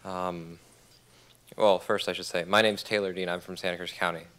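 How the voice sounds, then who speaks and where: A man's voice: sits low, flat delivery, moderate pace, fairly bright tone. A young man from the audience asking a question at a conference, hesitant and full of fillers. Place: conference hall.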